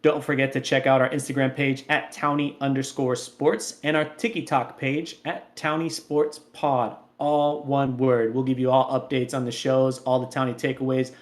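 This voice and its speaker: A man's voice: mid-range voice, flat delivery, moderate pace, few pauses. A man hosting a sports podcast, chatting casually and reading promos for the show in a playful, upbeat way. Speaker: podcast host.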